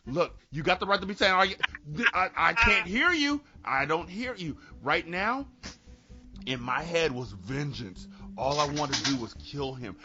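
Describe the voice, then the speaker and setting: A man co-hosting a podcast, comically acting out a story and switching between a calm officer and a furious ranting woman. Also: on the high side, measured pace, highs cut off, crowd noise. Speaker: podcast co-host. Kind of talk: comedic casual chat acting out a story.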